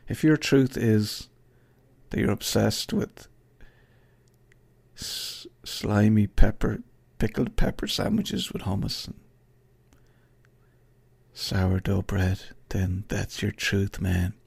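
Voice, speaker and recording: A man's voice: on the low side, steady tone, slow, creaky, long pauses, darkish tone, husky. A middle-aged Irish man hosting his own podcast, rambling and swearing through a jokey sign-off with asides to an imagined colleague. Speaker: podcast host. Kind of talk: casual solo podcast outro.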